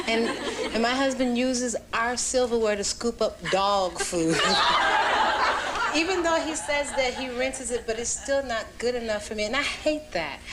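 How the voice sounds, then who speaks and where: Lady venting from the crowd, kinda high, room hum clear. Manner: exasperated, laughing as she talks. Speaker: audience member. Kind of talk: venting from the audience.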